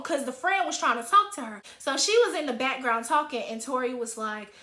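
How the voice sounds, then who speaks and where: A young woman in her twenties telling a story in a casual vlog, animated and dramatic, with acted quotes. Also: high voice, moderate pace. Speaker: vlogger. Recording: roomy echo.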